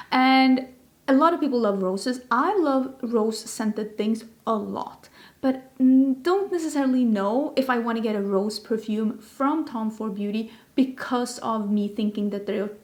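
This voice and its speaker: A woman's voice: on the high side, a little slow, darkish tone. A woman hosting a casual beauty vlog, chatty and rambling, with self-deprecating asides. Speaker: beauty vlogger host. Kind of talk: casual chat.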